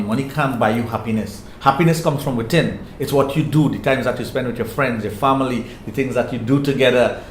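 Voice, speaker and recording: An older man with a Trinidadian accent, answering interview questions in an earnest, reflective way and often repeating phrases as he thinks. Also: medium pitch. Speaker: interview guest, sexologist. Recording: echoey room with faint noise.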